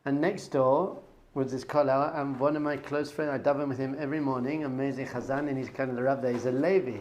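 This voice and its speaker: A middle-aged man, a rabbi, telling a story with excitement, his voice swinging from loud enthusiasm to hushed awe. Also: medium pitch, a little fast, slight background noise. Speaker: rabbi and teacher.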